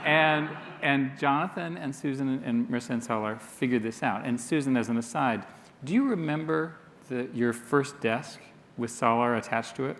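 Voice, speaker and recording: A man's voice: mid-range voice, normal speed, fairly bright tone, big-room sound, slight background noise. A man on a panel telling a casual anecdote with a dry, teasing manner. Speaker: panel speaker.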